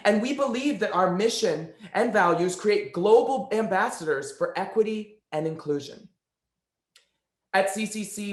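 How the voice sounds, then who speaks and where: A man from a youth choir organization giving an earnest scripted presentation. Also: high voice. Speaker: choir program staff presenter. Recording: roomy echo.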